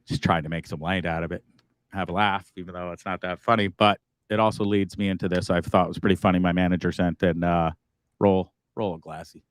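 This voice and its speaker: A man's voice: low-pitched, fairly even intonation, a little fast, clear, resonant tone, no room sound. A man from Canada hosting a live stream, rambling and remorseful, swearing freely and stammering through restarts. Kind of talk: casual live-stream monologue. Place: inside a bus.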